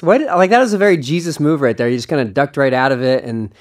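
A man's voice: mid-range voice, fast talker. A young man hosting a podcast in casual chat, eager and rambling, often restarting his sentences and laughing along. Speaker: podcast host.

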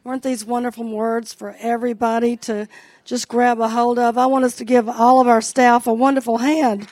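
A woman's voice: fairly high pitch, level tone, normal speed, darkish tone. A woman pastor giving a heartfelt sermon, speaking directly to her congregation.

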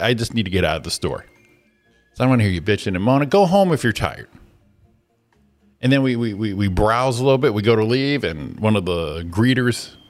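Animated, ranting male radio host. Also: fairly low pitch. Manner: exasperated, profane storytelling with animated quoted voices. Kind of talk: casual ranting chat.

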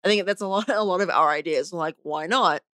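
A woman's voice: on the low side, fast talker, a bit bright, no echo. Chatty Australian-born woman, dry close sound. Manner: chatty, laughs often, uses "like" a lot. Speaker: podcast guest, host's wife. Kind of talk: casual chat.

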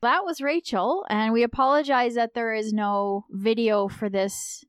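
A woman co-hosting a running podcast with a fairly high voice. She keeps the chat upbeat and laughs easily as she fires off quick questions. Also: clear, resonant tone. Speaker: podcast co-host. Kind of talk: casual interview chat.

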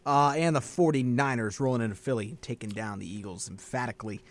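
A man's voice: mid-range voice, fast, dry recording. A young man hosting a college radio sports show, teasing his co-host and speaking like an announcer. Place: radio studio.

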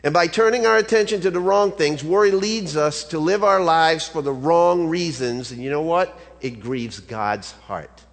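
A man pastor preaching a sermon in a relaxed, storytelling way, talking to his congregation. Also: on the high side. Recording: long reverb of a large hall.

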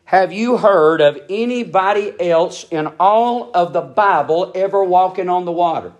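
High-pitched preacher man. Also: measured pace. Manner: emphatic, repetitive preaching with rising intensity. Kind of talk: sermon.

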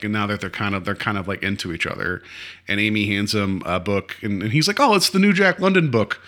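A man co-hosting a podcast, recapping an episode in casual chat, animated and mocking, often mimicking the characters. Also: medium pitch. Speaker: podcast co-host.

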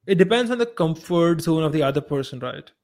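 A podcast co-host from India speaks in a somewhat raised male pitch. His Indian English accent is tinged with an American lilt. He explains his views patiently, building each point in turn. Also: lively intonation, fairly quick, darkish tone. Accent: Indian English, moving toward American. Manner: explanatory, reasoning things out step by step. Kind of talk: casual podcast conversation.

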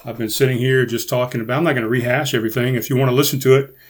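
A man's voice: mid-range voice, steady tone, rapid-fire. Rambling, profane male podcast host. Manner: rambling and profane, with many restarts. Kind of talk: casual solo podcast chat.

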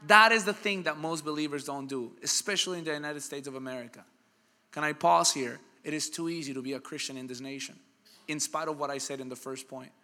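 A middle-aged man preaching a sermon, energetic and emphatic, acting out little quoted voices. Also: fairly high pitch.

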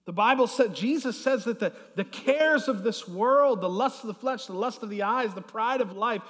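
A middle-aged man preaching a sermon as pastor, swinging from loud emphasis to soft asides. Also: high-pitched, normal speed. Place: church hall. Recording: long hall reverb.

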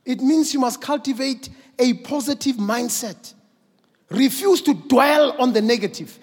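Husky preacher in a hall. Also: male voice, very high voice. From South Africa. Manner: builds from quiet, slow teaching to shouted exhortation. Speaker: pastor. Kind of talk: sermon. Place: large church hall. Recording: long church hall reverb.

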